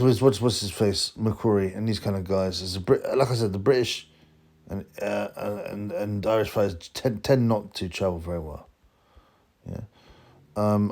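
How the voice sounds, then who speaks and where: A man's voice: lowish voice, a little mellow. A man hosting his own channel, talking casually and at length, with lots of restarts and strong opinions. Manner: rambling, opinionated, many restarts. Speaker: boxing channel host. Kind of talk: casual rambling commentary.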